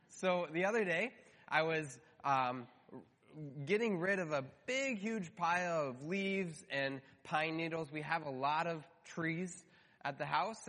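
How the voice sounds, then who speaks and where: A man's voice: a little high, a bit bright, in a large hall. A man in his thirties, a pastor, praying and then preaching with an earnest, story-telling manner and light humor. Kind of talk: prayer and sermon.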